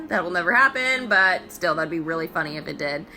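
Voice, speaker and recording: A woman hosting a mobile game video, giving bubbly, excitable, chatty gameplay commentary. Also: medium pitch, moderate pace, faint music behind.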